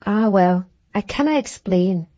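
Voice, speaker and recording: A woman's voice: mid-range voice, lively intonation, measured pace, mellow, dry recording. A woman reading the part of an earnest young Scottish man, shy with women, in a plain-spoken audiobook voice close to her own.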